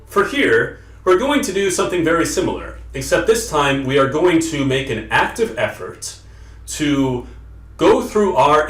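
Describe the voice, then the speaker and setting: A man's voice: mid-range voice, a bit bright. A man giving an emphatic, lecturing explanation to camera as a self-improvement vlogger. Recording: roomy sound, distant from the mic.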